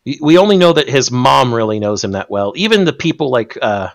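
A man in casual discussion, animated and profane, often restarting his sentences. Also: mid-range voice, brisk, gravelly. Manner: animated, swears freely, stumbles and restarts.

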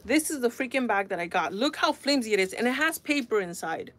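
Young woman, live-stream host, bit high-pitched, exasperated and chatty with viewers. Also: fairly quick, hardly any pauses. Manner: exasperated, animated, talks to viewers. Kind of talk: casual live-stream chat.

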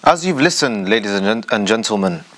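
A man's voice: fairly low pitch, lively intonation, a little fast, a bit bright. A man hosting a religious commentary show, speaking in a rhetorical way, addressing the audience directly with dramatic emphasis. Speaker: show host.

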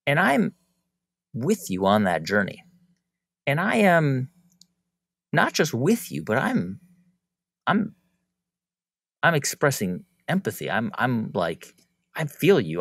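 A man guest on a podcast, talking reflectively and getting animated when he acts out examples. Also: medium pitch, slow pace, pauses often, breathy edge, no room sound, studio quality. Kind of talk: conversational interview.

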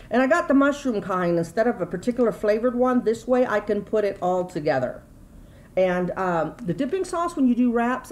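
A woman's voice: fairly high pitch, a little mellow, a little hiss or hum, rough recording. A middle-aged woman, chatting casually and rambling through a grocery haul at home. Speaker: YouTube vlogger.

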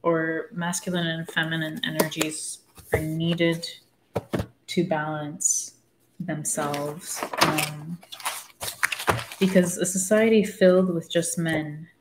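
Over heavy background noise, a woman whose voice sits low and flat talks slowly about a book she is reading. As the host of this casual book commentary, she wanders, drops her train of thought, speaks frankly and swears freely.

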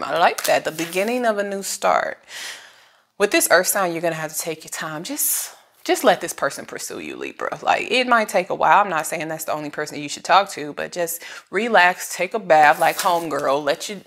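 A woman's voice: low voice, background noise. A woman giving a casual tarot reading to camera, chatty and emotional, using slang and speaking straight to the viewer. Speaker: tarot reader.

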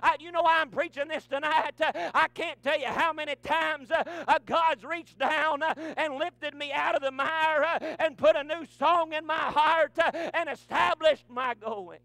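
A man's voice: extremely high pitch, steady tone, normal speed, gravelly, hardly any pauses, bright, forceful tone, dry recording. A man preaching a sermon in church, punctuating nearly every phrase with a rhythmic "uh". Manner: rhythmic preaching with constant "uh" fillers.

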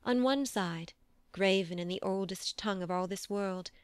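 A woman reading a proud queen's long, earnest account, in steady storytelling verse, within an audiobook. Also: mid-range voice, moderate pace, smooth, no echo, studio quality, close to an everyday voice. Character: proud queen, devoted to her brother's cause.

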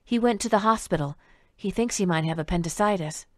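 A woman reading an audiobook, voicing a young waitress who speaks politely, her voice husky from nerves. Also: medium pitch, brisk, no room sound, studio quality, close to an everyday voice. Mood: polite, nervous.

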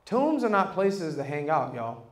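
High-voiced preacher in an echoey room. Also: male voice, big pitch swings, a little slow. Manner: preaching with call-and-response questions to the congregation. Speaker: pastor. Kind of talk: sermon.

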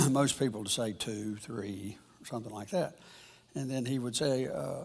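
Husky-voiced man teaching a Bible lesson. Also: mid-range voice. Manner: rambling, halting, with frequent restarts. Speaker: church teacher.

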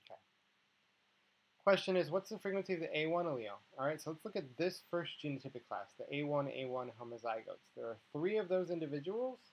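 A man's voice: a little high, lively intonation, quick pace, breathy edge. Patient man explaining step by step, dull sound. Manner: patient, explains step by step, checks in with "okay" and "right". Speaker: biology instructor. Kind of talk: tutorial walkthrough.

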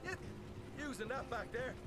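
An actor playing a coarse, grumbling outlaw who scorns rich folks, in a rough and sarcastic manner. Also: male voice, extremely high pitch, lively intonation, normal speed, over loud music.

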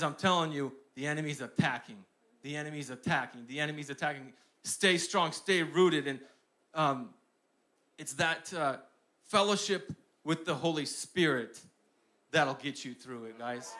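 A young man preaching with a bright, ringing tone and a slightly higher-than-average pitch. He drops to a hushed, intimate voice when he tells his own story, then rises to loud, repeated declarations. His sermon style is emphatic and full of repetition. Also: measured pace.

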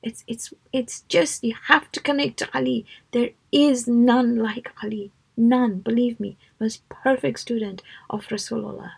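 Hushed, husky woman telling a story. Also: a little high, fairly even intonation, measured pace, few pauses. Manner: soft, hushed, often dropping to a whisper; earnest, emphatic storytelling. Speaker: teacher of a children's religious class. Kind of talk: storytelling lesson. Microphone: live online talk.

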